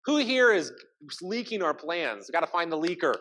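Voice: medium pitch, big pitch swings, fairly bright tone. A preacher voicing a suspicious king who interrogates his own advisors. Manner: accusing, drawn-out.

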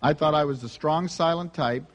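Man, preacher, earnest storytelling sermon, fairly high voice, long hall echo. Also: moderate pace. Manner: earnest, conversational, self-confessing.

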